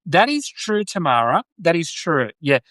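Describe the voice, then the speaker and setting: A man's voice: a little high, very animated, unhurried, a bit bright, no room sound. An Australian man from Sydney, hosting a casual live-stream chat, rambling and chatty as he answers viewer comments. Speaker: podcast host.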